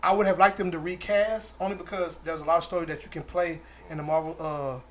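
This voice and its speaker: Fast-talking man with a raised voice. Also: a little high. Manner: animated, quick, stumbling restarts. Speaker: podcast co-host. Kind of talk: casual group chat.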